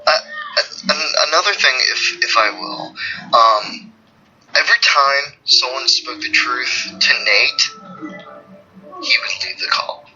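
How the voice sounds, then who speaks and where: Podcast guest, male, very bright sharp voice, halting and rambling, lo-fi call sound. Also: medium pitch, lively intonation, faint music behind. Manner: rambling, halting, many restarts. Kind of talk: casual podcast chat.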